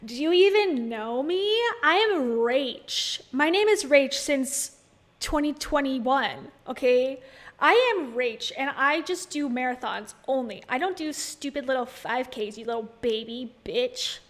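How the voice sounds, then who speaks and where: A woman doing a mocking impression of a smug, self-important woman who boasts with slow, exaggerated emphasis. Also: sits high. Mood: mocking boastful.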